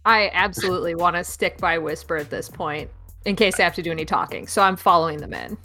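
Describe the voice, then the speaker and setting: A woman's voice: on the low side, fast talker, sharp tone, faint music behind. A woman playing in a casual tabletop role-playing game, eager and giggly. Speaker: player.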